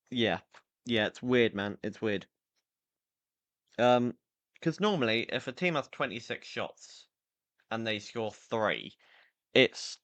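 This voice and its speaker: A man's voice: medium pitch, fairly bright tone. A tired man hosting a casual football chat podcast, rambling and opinionated, with fillers and restarts. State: tired, yawning. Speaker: podcast host.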